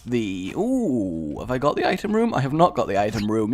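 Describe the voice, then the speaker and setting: A young English man giving chatty, sarcastic let's-play commentary, rambling into asides and breaking into excited yelps. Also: medium pitch, moderate pace, hardly any pauses. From England. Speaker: gaming YouTuber.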